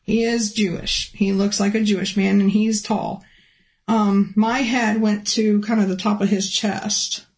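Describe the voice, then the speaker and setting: A woman telling a personal testimony in a halting, restart-filled way, her voice rising high and emotional when she recalls pleading. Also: little pitch movement, darkish tone, poor audio. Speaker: guest telling a near-death testimony. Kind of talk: personal testimony, casual storytelling.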